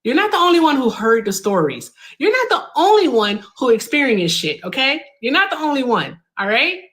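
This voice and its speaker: A woman's voice: high voice, big pitch swings, moderate pace, a bit bright. A young woman hosting a heated debate, blunt and combative, cutting in with commands. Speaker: host.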